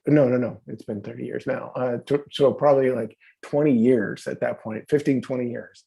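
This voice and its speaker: A man's voice: mid-range voice, fairly even intonation, moderate pace, vocal fry, mellow. A man in his fifties, a podcast guest telling stories in a rambling, profane way, full of fillers and restarts. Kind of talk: casual conversational storytelling.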